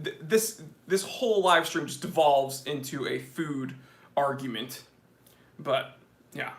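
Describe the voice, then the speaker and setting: A man with a bright, forceful, fairly high voice hosts a casual live stream Q&A from home. He chats and jokes his way through viewer comments. The room around him sounds noticeably echoey. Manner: chatty, joking, reads viewer comments aloud.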